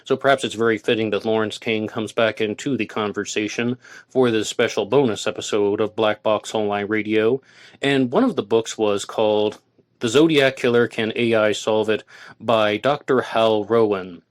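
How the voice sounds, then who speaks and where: A man's voice: fairly low pitch, steady tone, moderate pace. A man hosting a solo true-crime podcast, reading passages aloud and arguing with them point by point. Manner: argumentative, reads quotes aloud and rebuts them. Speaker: podcast host.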